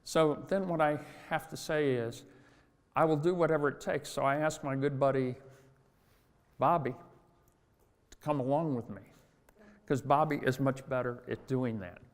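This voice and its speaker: A man's voice: medium pitch, fairly even intonation, moderate pace, pauses often. A middle-aged man giving a chatty, self-deprecating convention talk full of anecdotes. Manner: chatty, self-deprecating, laughs at own jokes. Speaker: speaker at a convention. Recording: long hall reverb.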